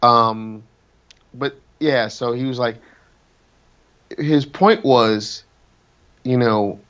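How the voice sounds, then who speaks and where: A man in casual interview chat, a singer answering questions at a middle pitch. He rambles, trips over his words and circles back to his points. The sound is dull and lo-fi. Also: very slow, a bit bright. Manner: rambling, many restarts and fillers.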